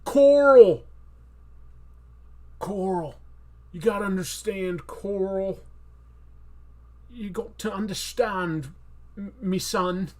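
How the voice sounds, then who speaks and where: Pleading survivor father, repetitive, raised pitch, a man putting it on. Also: slow, pauses often, darkish tone. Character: desperate male survivor leader pleading with his son.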